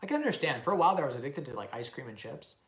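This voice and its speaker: A man's voice: medium pitch, very fast, echoey room. A man, rambling animatedly through a casual live-stream Q&A as a real estate investing host. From Canada. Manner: rambling, animated, lots of "like" and "right?".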